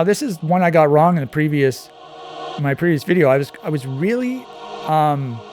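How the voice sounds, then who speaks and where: A man's voice: a little high, a little mellow. A man giving casual, digressive commentary while playing a map quiz, thinking aloud as he goes. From Canada. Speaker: quiz channel host.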